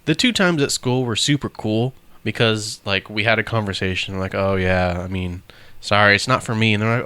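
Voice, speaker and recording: A man's voice: fairly low pitch, brisk, clear, resonant tone, no echo. A young man co-hosting a casual podcast chat, swearing freely and telling stories with quoted voices. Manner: profane, animated storytelling with quoted voices. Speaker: podcast co-host.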